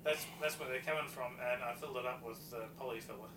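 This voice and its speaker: A man's voice: mid-range voice, steady tone, fast talker. A man in casual chat, telling a rambling story with many fillers. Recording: echoey, distant, noisy mic.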